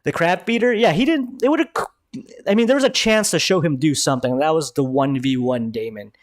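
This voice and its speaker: A man hosting a live review stream, talking excitedly in casual commentary and swearing freely. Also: on the high side, fairly quick, dry recording, clean studio sound.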